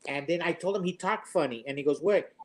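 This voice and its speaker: A man in his fifties, co-host of a casual chat, telling a story in a lively, quick, teasing way. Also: a little high, a little hiss or hum. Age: 50s.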